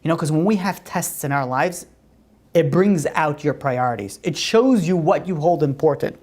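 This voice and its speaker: A woman teaching a religious class and telling stories in a conversational way. Her pitch rises on emphatic questions. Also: expressive, moderate pace, darkish tone.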